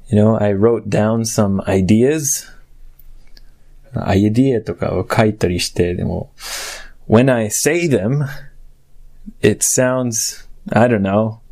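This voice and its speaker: Low and somewhat dark in tone, this solo podcast host's voice carries a casual, playful bilingual chat. He swings from sulky grumbling to muttered asides.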